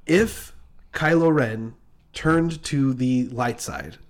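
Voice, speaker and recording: A man's voice: medium pitch, slow pace. Rambling man chatting about a film. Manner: rambling, lots of "like" fillers. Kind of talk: casual film discussion.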